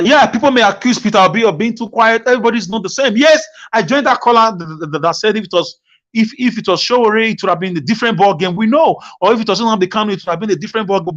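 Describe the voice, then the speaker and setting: High-voiced man. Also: fast talker, a bit bright, highs cut off. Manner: passionate, repeats words when starting phrases. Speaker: caller. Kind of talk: call-in discussion.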